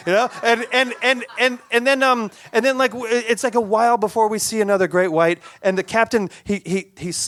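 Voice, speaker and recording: Animated, stumbling male storyteller. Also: a little fast, hardly any pauses, no echo, studio quality. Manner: animated, stumbling restarts and repeated words; acts out sounds and quotes with big pitch jumps. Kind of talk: live personal storytelling. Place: stage show.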